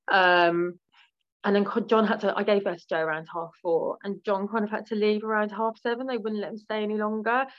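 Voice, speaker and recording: A woman's voice: medium pitch, lo-fi sound. A British woman speaking frankly as an interview guest, with lots of fillers and restarts. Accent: British English. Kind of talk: candid podcast interview.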